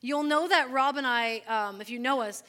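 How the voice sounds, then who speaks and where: Bright-voiced woman telling a personal story. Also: high-pitched, moderate pace. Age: 40s. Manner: chatty, storytelling, frequent "like" and "um". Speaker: speaker at a church service.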